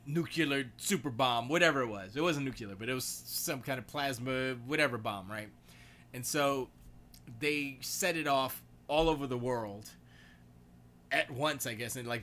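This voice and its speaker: Stream host, male, loose rambling delivery, bright tone. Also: mid-range voice, a little hiss or hum. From United States. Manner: rambling, reads chat aloud, self-correcting. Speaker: livestream host. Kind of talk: casual livestream chat.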